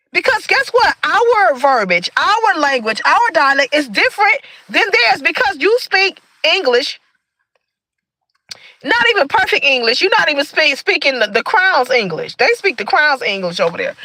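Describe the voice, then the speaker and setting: A woman's voice: high-pitched, bright, forceful tone, no room sound, low-quality recording. A woman from Michigan hosting a livestream, talking casually and earnestly, preaching a little and greeting viewers in the chat. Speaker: livestream host.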